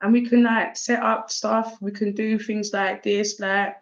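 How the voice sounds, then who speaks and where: A woman with a South East London accent giving an oracle card reading in a casual livestream chat, animated and laughing, with streetwise slang and swearing. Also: mid-range voice, a little slow, few pauses, muffled recording.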